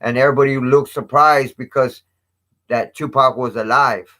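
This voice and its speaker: A man's voice: medium pitch, fairly even intonation, normal speed, bright, forceful tone. A man casually retelling a story in street slang with heavy cursing, raising his voice when quoting others. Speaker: channel host. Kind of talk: casual storytelling to a live chat.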